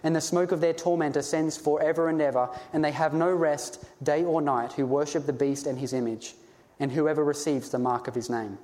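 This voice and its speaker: A man's voice: fairly high pitch, steady tone, brisk, darkish tone. A man preaching a sermon in an earnest, pleading way, sometimes stumbling over his words when stirred. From Australia.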